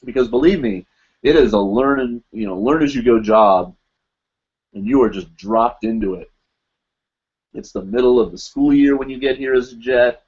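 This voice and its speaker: A man's voice: mid-range voice, normal speed, a little mellow, breathy edge, dull audio. A man hosting a casual live stream, answering viewer questions and reading comments aloud in a rambling, easygoing way.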